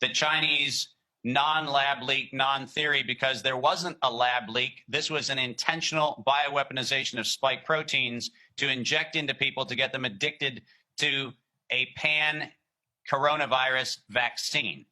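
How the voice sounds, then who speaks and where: A man gives emphatic, deliberate interview answers in a very bright, ringing voice. He slows down for key points and reads quotations with care. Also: mid-range voice, steady tone, low-quality recording. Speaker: guest.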